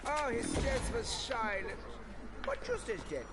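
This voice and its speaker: A theatrical, relishing male video game character, gleeful about gruesome things. His voice sits very high. Loud game music plays beneath him. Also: huge pitch swings, unhurried, full character voice.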